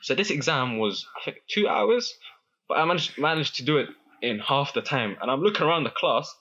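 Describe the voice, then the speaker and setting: A young man telling a school story in casual chat, animated, with lots of restarts and laughter. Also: medium pitch, brisk, highs cut off. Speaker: guest.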